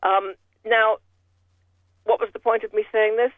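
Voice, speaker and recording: A man's voice: high voice, little pitch movement, measured pace, no room sound. A man giving casual political commentary with a rambling, sardonic manner, full of restarts. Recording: tinny phone line.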